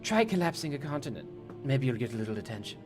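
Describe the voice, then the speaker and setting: A man putting on a breathy, sneering female demon. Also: mid-range voice, big pitch swings, quick pace, music in the background, pitched below the performer's own voice, close to an everyday voice. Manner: mocking, taunting. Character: sneering seductive female Daedra rival.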